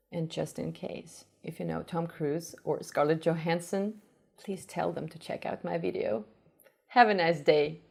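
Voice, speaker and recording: A woman speaks English with a Russian accent, her voice sitting a little low. She is a native Russian speaker hosting a casual reaction video. She thinks aloud, with plenty of "uh" and quick self-corrections. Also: creaky, a little mellow. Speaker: language teacher and video host.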